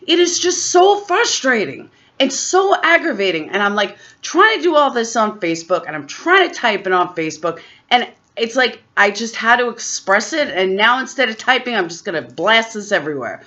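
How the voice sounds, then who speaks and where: A woman's voice: mid-range voice, big pitch swings, brisk, few pauses, pushed and bright, dull audio. A woman vlogger delivering a heated, profane political rant straight to camera.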